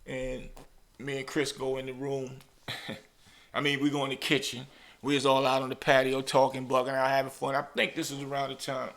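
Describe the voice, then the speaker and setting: A male podcast host with a mid-range, vocal-fried voice tells casual stories in an animated way. He acts out the voices of people in his anecdotes.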